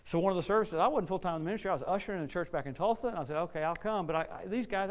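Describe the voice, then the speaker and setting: A man preaches in a storytelling style, his voice sitting a little high for a man. He is lively and folksy. He repeats words and restarts when he gets excited. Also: racing. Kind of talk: storytelling sermon.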